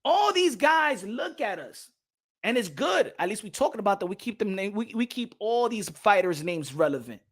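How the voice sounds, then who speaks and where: A young man hosting a boxing channel livestream in casual chat, animated, repeating himself and laughing often, slipping into Spanish. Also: high-pitched, normal speed.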